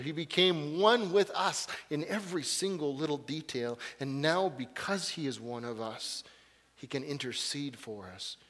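Man preaching in a reverberant hall. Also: medium pitch. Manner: dynamic preaching, swinging from loud rhetorical questions to hushed intimacy; repeats words and phrases for emphasis. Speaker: pastor. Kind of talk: sermon.

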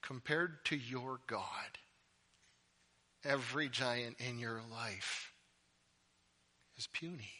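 A male pastor preaching a sermon, animated and jokey with playful asides. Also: mid-range voice, slow pace, pauses often, slightly rough.

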